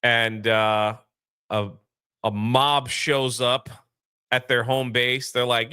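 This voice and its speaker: Male review co-host, bright and animated, close dry sound. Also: medium pitch, slow pace, clean tone, dry recording. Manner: animated retelling with quoted voices. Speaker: podcast co-host. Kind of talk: casual movie review chat.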